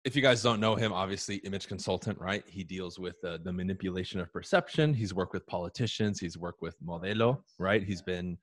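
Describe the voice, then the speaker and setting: A man's voice: deep voice, fairly quick, few pauses, dry recording, studio quality. A man hosting a live talk show, chatting casually and upbeat with his guest and audience. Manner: upbeat, slangy, talks to the audience directly. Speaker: podcast host.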